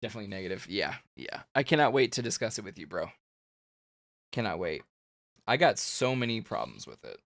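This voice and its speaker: A comics show host wraps up his live stream casually, chatting loosely with viewers, ranting, laughing and talking to chat. He speaks a little fast in a fairly low, gravelly, sing-song voice with a fairly bright tone.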